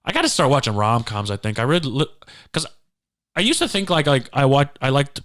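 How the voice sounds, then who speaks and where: A man's voice: mid-range voice, big pitch swings, a little fast, a bit bright. A man hosting a comedy podcast, rambling playfully with lots of fillers in casual chat. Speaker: podcast host.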